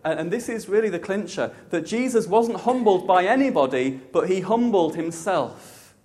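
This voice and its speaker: A man's voice: animated, moderate pace, big-room sound, slight background noise. Emphatic man preaching a sermon. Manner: emphatic, repetitive cadence, drops soft and low for reverent passages.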